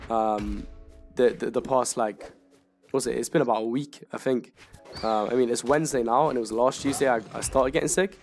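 A young man with a hoarse voice from illness, rambling and restarting his sentences as he casually talks over his gameplay. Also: medium pitch. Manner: rambling, halting, many restarts. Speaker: gaming YouTuber.

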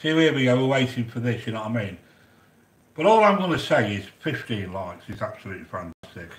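Male cooking host, mid-pitched, effusive live-chat rambler, roomy reverberant sound. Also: lively intonation, fairly quick. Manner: effusive, gushing, repeats himself with fillers. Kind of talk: casual live-stream chat reading viewer comments. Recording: echoey room.

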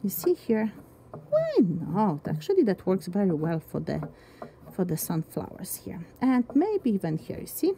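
A woman's voice: mid-range voice, wildly swooping pitch, a little slow, dark tone, a little hiss or hum. A woman art teacher giving a chatty, encouraging step-by-step drawing demonstration, thinking aloud as she works.

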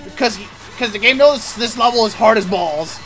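Excitable man yelling at a game. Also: very high-pitched, normal speed, soft background music. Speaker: gaming channel host. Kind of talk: gameplay commentary.

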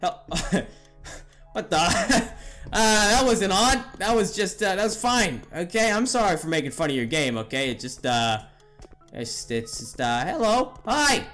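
A man's voice: sits high, big pitch swings, unhurried, a bit bright, faint music behind. A young man commentating a horror game, joking, swearing and laughing nervously. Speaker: gaming YouTuber.

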